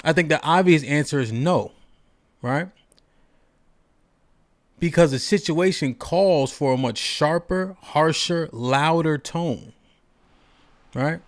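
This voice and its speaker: A man holds forth on a call-in show in a fairly high voice. His delivery is emphatic and preachy, full of rhetorical questions and constant "right?" check-ins. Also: slow, pauses often. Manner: emphatic, repeats "right?" often. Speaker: podcast host.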